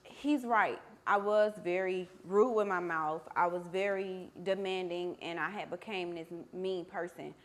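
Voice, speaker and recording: A woman's voice: fairly low pitch, a little slow, few pauses. A young woman hosting a candid conversation over a meal, talking bluntly and emotionally with frequent swearing. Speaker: podcast host.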